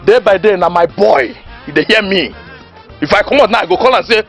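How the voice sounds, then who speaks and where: An actor with a Nigerian accent playing a boisterous village know-it-all who gives mock lessons and laughs mid-sentence. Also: male voice, sits high, animated, a little fast, creaky, a bit bright, breathy edge, exaggerated voice. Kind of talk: Nollywood comedy film acting. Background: faint background music.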